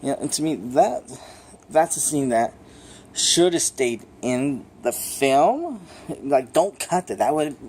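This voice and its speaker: A man giving a casual, unscripted movie review, rambling and excitable, swearing freely and filling gaps with "you know" and "like". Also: medium pitch, takes it slowly, a little hiss or hum.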